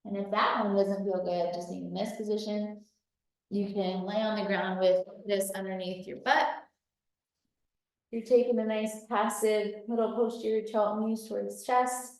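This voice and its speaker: A woman's voice: mid-range voice, level tone, moderate pace, a little mellow, heavy reverb, recorded from a distance, rough recording. A woman fitness coach leading a workout, cueing breaths as she demonstrates the moves, a little out of breath. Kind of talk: workout instruction.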